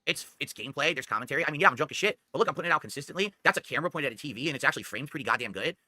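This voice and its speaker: A male streamer chatting casually to his viewers in a rambling, self-justifying way. His voice is bright and a little high, and the words tumble out very quickly, as if he can't slow down. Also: animated, no echo, clean studio sound. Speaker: streamer reacting to a documentary. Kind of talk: casual livestream talk.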